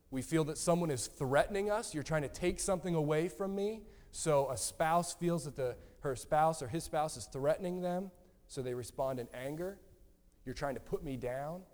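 Earnest male preacher in reverberant hall. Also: mid-range voice. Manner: earnest, repeats words, gentle emphasis. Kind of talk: sermon.

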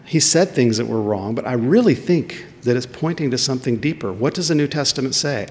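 A man delivers an emphatic sermon, his voice gravelly. He asks rhetorical questions and stumbles over repeated words now and then. His voice carries a long reverb, as in a large hall. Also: mid-range voice, expressive, brisk, hardly any pauses, darkish tone, a little hiss or hum. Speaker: preacher.

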